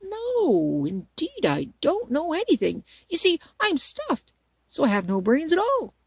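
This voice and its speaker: A woman voicing a friendly straw-stuffed scarecrow man with a husky, eager voice. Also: medium pitch, very animated, normal speed, a little mellow, no room sound. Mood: wondering.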